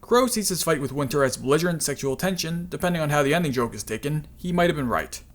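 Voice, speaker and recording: A man's voice: on the high side, animated, fast talker. A man hosting a casual video commentary, chatty and self-deprecating, with frequent laughs and filler words. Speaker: channel host and voice actor.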